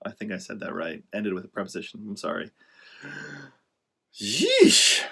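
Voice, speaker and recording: A man's voice: deep voice, fairly even intonation, quick pace, vocal fry, a bit bright, breathy edge. A man giving casual motivational advice to writers, rambling and correcting himself as he goes, emphatic and encouraging with sarcastic asides. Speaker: author giving writing advice.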